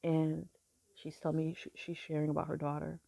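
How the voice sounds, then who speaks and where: Middle aged woman, gravelly low-key voice, slow soft halting storytelling, dry sound. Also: monotone, no echo. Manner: halting, soft-spoken, with many pauses and fillers. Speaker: grieving mother sharing her story. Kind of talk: reflective personal storytelling.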